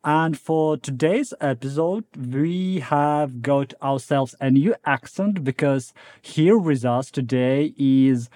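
A man hosts a tech podcast with a mellow, relaxed voice. He is chatty and laughs often as he leads the talk. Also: mid-range voice, takes it slowly, hardly any pauses. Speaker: podcast co-host. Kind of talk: podcast hosting.

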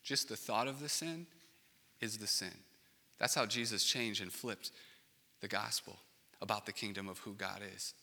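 Pastor, male, earnest sermon, bright sharp voice, long hall reverb. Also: lowish voice, moderate pace, long pauses. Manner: earnest, swings from hushed to loud and passionate.

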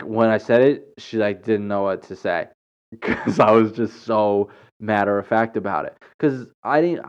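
A man's voice: lowish voice, a little mellow, lo-fi sound. A young man telling a casual, rambling story, saying "like" constantly, blunt and matter-of-fact.

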